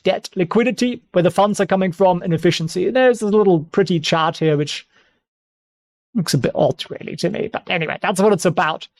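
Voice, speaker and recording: A man hosts an investing channel, offering casual stock analysis full of excitable, joking asides and frequent repetition. His voice is high, with no echo.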